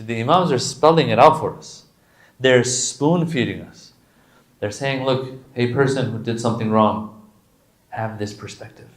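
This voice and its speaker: A man giving a conversational, animated religious lecture with slangy asides and Arabic recitation. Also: medium pitch. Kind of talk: sermon.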